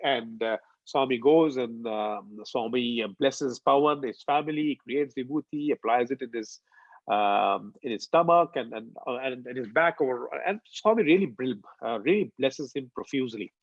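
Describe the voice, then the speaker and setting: A man's voice: mid-range voice, normal speed, no echo. A man, telling a devotional story with lots of uh and um fillers. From India. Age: 40s. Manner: animated retelling, frequent uh and um fillers. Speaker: devotional speaker. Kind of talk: personal storytelling testimony. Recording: dull lo-fi dry recording.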